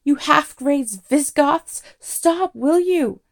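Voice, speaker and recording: A woman reading aloud and voicing a frantic Englishman who yelps and shouts indignantly as his house is knocked down. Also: mid-range voice, very animated, extremely slow, gravelly, exaggerated voice. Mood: furious.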